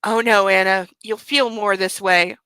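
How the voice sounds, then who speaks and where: A woman's voice: mid-range voice, steady tone, a little slow, pushed and bright, clean tone, no room sound, rough recording. Woman reading as a controlling young husband. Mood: commanding.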